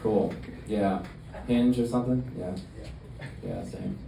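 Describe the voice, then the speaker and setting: Deadpan young comedian in a roomy club. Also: male voice, sits low, gravelly. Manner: deadpan, halting delivery with many fillers. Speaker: stand-up comedian. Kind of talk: stand-up comedy set. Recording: roomy club sound from a distance, audience noise. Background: audience laughter.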